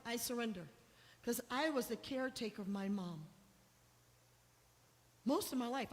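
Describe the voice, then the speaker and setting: Middle-aged woman telling an emotional testimony in a reverberant hall. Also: on the high side. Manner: emotional storytelling, voice rising when quoting herself. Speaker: guest speaker sharing testimony. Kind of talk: personal testimony talk. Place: church hall.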